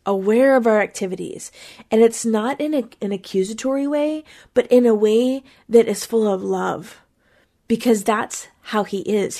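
With a warm tone, medium pitch and some vocal fry, the Pennsylvania woman hosting a Christian podcast gives an earnest devotional reflection on a psalm. She sounds conversational, repeating bits here and there as she thinks aloud.

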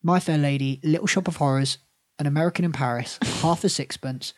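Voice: medium pitch, fairly quick, a little mellow. A podcast host running a quiz game among friends, playful and laughing often.

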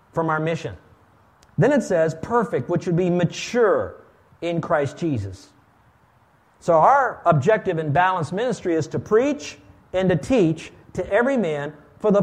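A pastor preaching a sermon in a church, emphatic, shifting between loud bursts and quiet asides as he leads listeners through a passage. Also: sits high.

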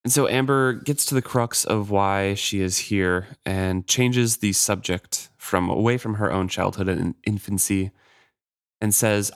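Low-voiced man retelling a novel. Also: steady tone, a little slow, no room sound, studio quality. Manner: paraphrases loosely with fillers like "kind of". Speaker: book discussion podcaster. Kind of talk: casual retelling with read-aloud passages.

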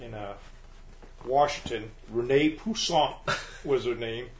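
A middle-aged man in a casual family podcast chat, reminiscing and telling stories at an unhurried pace. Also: mid-range voice, slight background noise. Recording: echoey room.

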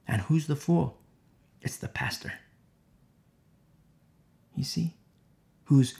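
A man preaching a Bible sermon, repeating key phrases and swinging between loud emphatic peaks and hushed asides. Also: medium pitch, gravelly.

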